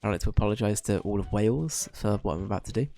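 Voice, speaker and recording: A young man streaming a game, joking and chatting casually with quick asides. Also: on the low side, warm tone, soft background music. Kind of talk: casual gaming commentary.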